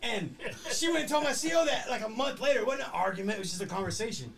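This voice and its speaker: A man's voice: very high voice, sing-song, fast talker, vocal fry, a crowd in the background. A middle-aged man telling a rambling, profane story in casual chat. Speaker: podcast host.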